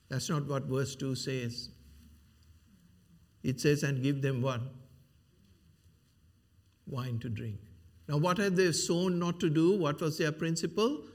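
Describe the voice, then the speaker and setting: A man's voice: a little high, takes it slowly, long pauses. A man preaching a sermon, retelling a Bible story with rhetorical questions and frequent fillers.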